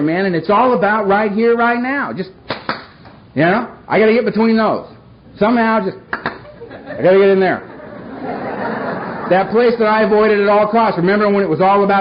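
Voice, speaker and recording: A man's voice: sits high, lo-fi sound, a little hiss or hum. A man speaking at a recovery meeting, telling his story in repetitive, playful bursts that turn earnest and heartfelt. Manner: repetitive, playful, rapid-fire phrases. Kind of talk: personal storytelling talk.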